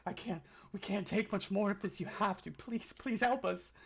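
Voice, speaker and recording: A man's voice: high-pitched, normal speed, gravelly, background noise, voice pushed up. A man voicing a desperate, battered male prisoner in chains who begs over and over for rescue in a tabletop game. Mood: sobbing plea. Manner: frantic, pleading, repeating itself.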